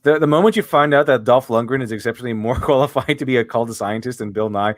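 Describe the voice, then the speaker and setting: A man's voice: medium pitch, fast talker, no room sound, clean studio sound. A man hosting a casual livestream with friends, reading chat messages and memes aloud and laughing often. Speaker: stream host reading chat.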